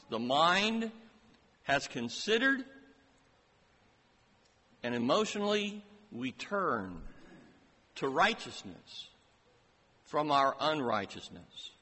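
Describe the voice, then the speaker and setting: A man preaching a sermon, slow and emphatic, asking many rising rhetorical questions. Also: a little high, sing-song, pushed and bright. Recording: long reverb of a large hall.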